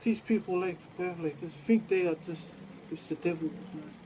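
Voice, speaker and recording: A man's voice: high-pitched, a little fast, dark tone, a little hiss or hum, poor audio. A man telling a rambling, profane story, acting out exchanges and saying "man" often. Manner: repeats "man" as filler.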